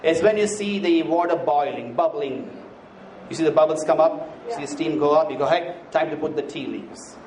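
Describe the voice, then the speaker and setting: A man preaching a sermon to a church congregation, animated and humorous, at times shouting, and calling his listeners "bro" in a casual way. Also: a little high, moderate pace. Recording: echoey church hall with crowd and noise. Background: congregation answering.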